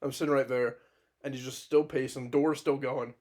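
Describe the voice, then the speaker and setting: A man co-hosting a podcast, telling a wild anecdote in casual chat, animated and profane, laughing often. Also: mid-range voice, normal speed. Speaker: podcast co-host.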